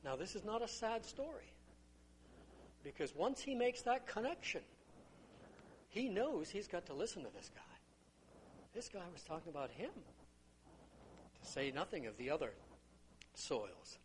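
An older man preaches in a relaxed, conversational way. His voice sits high for a man and swings widely up and down as he tells stories and acts out little quotes. A faint hum of room ambience sits under him. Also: unhurried, long pauses. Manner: conversational storytelling with acted-out quotes. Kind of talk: sermon teaching on a parable.

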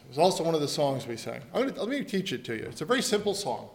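A man's voice: fairly high pitch, big pitch swings, racing, hardly any pauses. A middle-aged man preaching a sermon in an earnest, storytelling manner and leading the congregation in a simple song. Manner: earnest, storytelling, leads singing. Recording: echoey room.

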